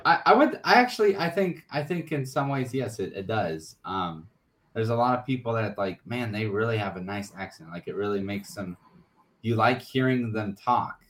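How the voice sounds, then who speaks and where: Hesitant low-voiced man on a podcast. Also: lively intonation, moderate pace, fairly bright tone. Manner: hesitant, searching for words. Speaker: podcast co-host. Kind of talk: casual chat.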